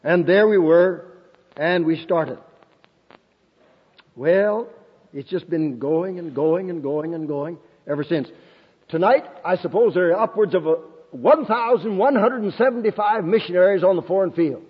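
With a high, slightly rough voice at a measured pace, the older man, a Bible school principal, gives a fervent testimony sermon full of exclamations, shouted hallelujahs and amens, and frequent laughter. It's an old, dull recording in a reverberant hall.

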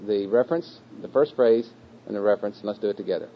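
A man teaching a group to memorize a scripture verse, speaking patiently with fillers and repeating phrases slowly. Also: fairly low pitch, slight background noise. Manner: patient, repetitive, slow chanting of phrases with a group. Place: room with a live group. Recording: dull lo-fi recording.

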